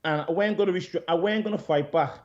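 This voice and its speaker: A man, an interview guest who owns a gym, retelling events in a rambling, animated way, swearing and calling people "mate". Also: fairly high pitch, racing. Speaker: interview guest, gym owner and pro bodybuilder. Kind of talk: casual storytelling interview. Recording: dull lo-fi audio.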